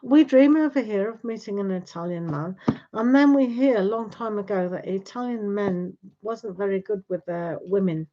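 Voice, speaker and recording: A woman's voice: mid-range voice, normal speed. A woman hosting a tarot livestream, chatting casually with viewers in a rambling way and tagging questions onto her sentences. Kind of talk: casual chat with live viewers. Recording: dull lo-fi livestream audio.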